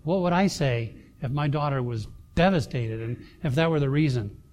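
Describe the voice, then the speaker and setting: A middle-aged man, a pastor, telling a personal story in a sermon, halting with many fillers and restarts. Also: medium pitch, a little mellow.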